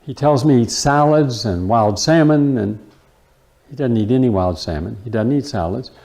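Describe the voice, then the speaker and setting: A man's voice: medium pitch, normal speed, vocal fry, a little mellow. A man hosting a lecture before a live audience, speaking emphatically and mixing rhetorical questions with personal stories. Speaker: host and health lecturer.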